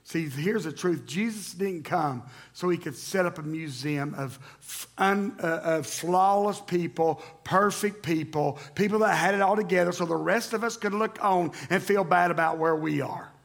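Male pastor, high rough voice, animated church sermon with loud calls to the congregation. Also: moderate pace, few pauses. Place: church sanctuary.

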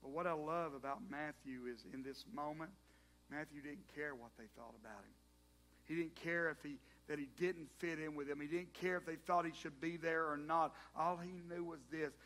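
A male preacher retells a story from scripture in his sermon, lively and joking with the congregation. His voice sits high and comes across forceful and bright. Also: moderate pace. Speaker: pastor.

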